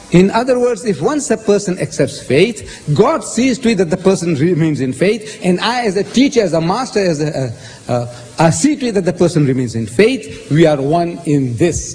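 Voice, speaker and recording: A man lecturing on Bible verses, animated, quoting passages and posing rhetorical questions. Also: fairly high pitch, slight background noise. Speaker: lecturer on scripture. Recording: hall reverb with faint ambience.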